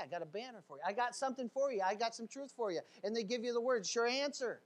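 A man preaching a sermon in a fiery, folksy way, with sudden shouts and laughter. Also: very high voice, animated, quick pace, hardly any pauses. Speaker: pastor.

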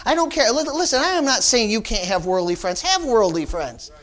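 A pastor preaching to his congregation in a fairly high voice, a man who breaks his points with call-outs like amen and praise the Lord. His delivery climbs in emphasis and then drops back as he repeats key words. He sounds middle-aged. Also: big pitch swings, moderate pace, fairly bright tone. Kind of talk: sermon.

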